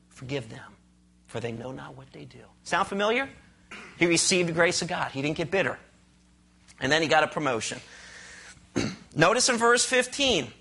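A man preaching a sermon in a high, bright voice. He asks the congregation questions, acts out a story with voices, and lets some words fall to a near whisper. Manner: asks the audience rhetorical questions.

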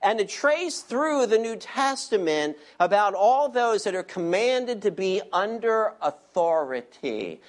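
A woman preaching a sermon, reading scripture slowly and adding wry asides to the congregation. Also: mid-range voice.

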